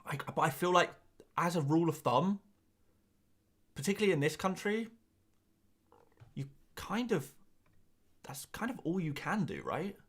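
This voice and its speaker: Chatty man, slightly high voice. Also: animated, a bit bright, husky. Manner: chatty, rambling, quick asides and laughs. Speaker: fantasy football livestream host. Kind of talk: casual live stream chat answering viewer comments.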